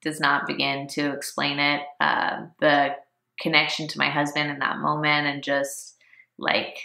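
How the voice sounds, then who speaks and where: Woman in her 30s vlogging from home, chatty and laughing, low gravelly voice, echoey room. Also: monotone, a little slow, bright, forceful tone. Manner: chatty, laughing, emotional, with lots of fillers. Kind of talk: casual personal storytelling.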